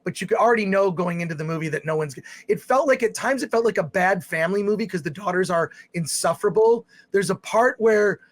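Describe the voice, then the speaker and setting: A man's voice: sits high, fast talker, hardly any pauses. A man hosting a live stream, giving a rambling, exasperated spoken movie review. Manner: rambling, exasperated, with restarts and loud outbursts.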